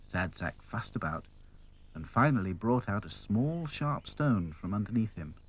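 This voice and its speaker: A man narrating a children's cartoon story in a gentle, unhurried way, with music underneath. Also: fairly low pitch, sing-song, husky.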